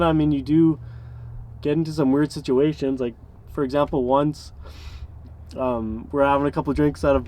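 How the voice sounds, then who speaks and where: This is a man in his twenties, an interviewee who lives in a van, telling stories in a loose, rambling way packed with fillers and little chuckles. His voice is a bit high with a darkish tone.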